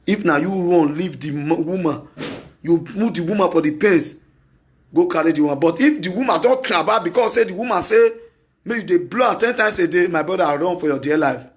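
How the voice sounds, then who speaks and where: A man with a Nigerian accent, hosting a talk show and delivering an opinionated monologue, emphatic and repetitive with bursts of shouting. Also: high-pitched, lively intonation, brisk.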